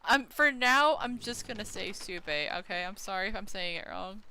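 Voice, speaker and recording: A woman streams a game with casual commentary, thinking aloud, asking her chat questions and gushing over cute things in an easily delighted way. Her mid-range voice is bright and forceful at a moderate pace, with a little hiss or hum in the recording.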